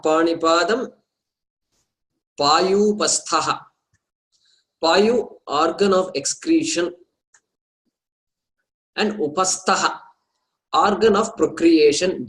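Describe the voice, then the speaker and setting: A man teaching a scripture study class, explaining terms slowly and repeating them, with some hesitant pauses as he talks to his students. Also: a little high, fairly bright tone, rough recording.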